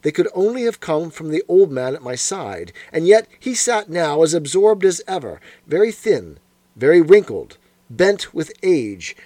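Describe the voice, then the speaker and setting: A man reading a classic detective story aloud in a measured, expressive storytelling manner. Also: fairly high pitch, no room sound. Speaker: audiobook narrator. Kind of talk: scripted narration.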